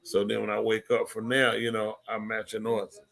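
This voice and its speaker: A man hosting a talk show, telling a story in an animated way, keeps saying "listen" and acting out what people said. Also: fairly low pitch, moderate pace, gravelly. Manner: excitable, repeats "listen", acts out quotes. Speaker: podcast host. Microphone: studio mic.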